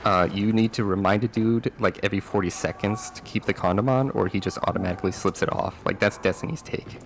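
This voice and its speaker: Very low-voiced man in voice chat. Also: fast, a little hiss or hum. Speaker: voice chat participant. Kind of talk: casual voice chat.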